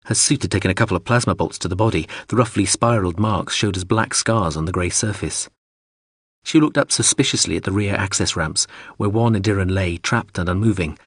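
A man reading an audiobook in steady, measured scripted narration. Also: low voice, husky, no room sound, studio quality.

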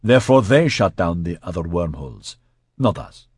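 A man's voice: low-pitched, very animated, normal speed, darkish tone, breathy edge, dry recording, clean studio sound, heavily acted. Man doing a firm, precise male strategist. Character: pale, cold male strategist.

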